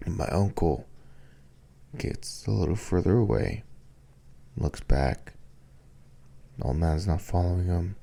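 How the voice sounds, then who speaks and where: A young man hosting a podcast, telling a scary story in a slow, relaxed manner. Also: low-pitched, vocal fry, breathy edge. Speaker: podcast host.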